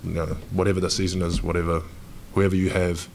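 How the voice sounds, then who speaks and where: A young man with a New Zealand accent talks casually to reporters at a press event. His voice is very low, and he rambles loosely, saying "mate" over and over. There is faint background noise behind him. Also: flat delivery, fast, a little mellow. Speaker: pro basketball player. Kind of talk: media day press interview.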